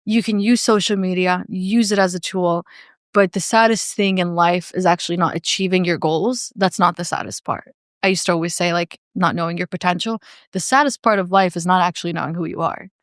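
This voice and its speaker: A woman's voice: on the low side, steady tone, brisk, no room sound, clean studio sound. A woman speaking as a podcast guest in a candid, earnest and reflective way, with frequent "like" fillers.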